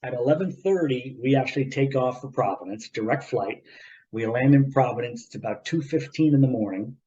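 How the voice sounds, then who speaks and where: A man's voice: mid-range voice, fairly quick. Rambling male podcast co-host, muffled. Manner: animated, rambling anecdote with repeats and asides. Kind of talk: casual storytelling chat.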